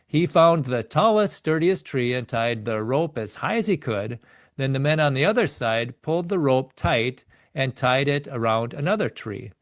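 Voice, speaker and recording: A man's voice: mid-range voice, no echo. Male narrator, mid-range voice, dry booth, earnest book reading with self-corrections. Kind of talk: reading aloud from a biography.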